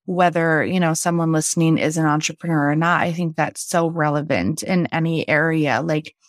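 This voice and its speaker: A woman's voice: low-pitched, steady tone, moderate pace, dry recording, studio quality. A woman hosting a podcast, asking questions in a chatty, encouraging way with plenty of filler words. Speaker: podcast host. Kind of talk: casual interview talk.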